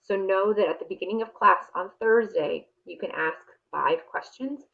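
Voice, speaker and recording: A woman's voice: mid-range voice, moderate pace, vocal fry, phone-quality sound. A young adult woman teacher giving her class a casual, direct update on the week's plan, with frequent ums.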